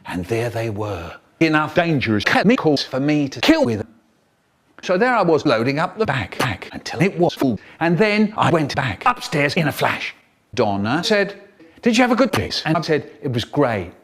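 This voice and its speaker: A man telling spliced comic stories in an animated way, jumping between voices. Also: on the high side, normal speed. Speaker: storyteller.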